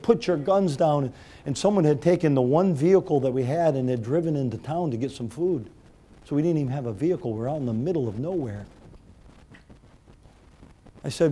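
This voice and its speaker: Preaching man with a dark, mellow voice. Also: fairly high pitch. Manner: swings from loud preaching to quiet, hushed retelling. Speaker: pastor. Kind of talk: sermon storytelling.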